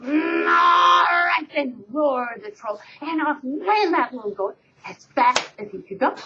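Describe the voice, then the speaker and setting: A woman teacher tells a fairy tale to her class with lively storyteller pacing. Her voice sits high. It comes through a dull, lo-fi webcam recording. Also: normal speed, background noise.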